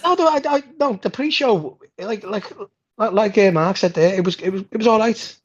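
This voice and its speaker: A man co-hosting a podcast in casual chat, an animated storyteller with a voice worn hoarse. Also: normal speed. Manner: animated storyteller, jumps high in pitch. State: hoarse, hungover. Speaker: podcast co-host. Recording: dull lo-fi sound.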